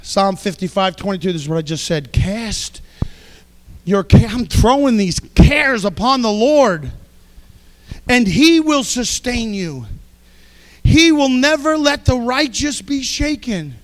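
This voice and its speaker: A man preaching a sermon, fervent, swinging between soft passages and shouted exhortations. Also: very high voice, lively intonation, slow.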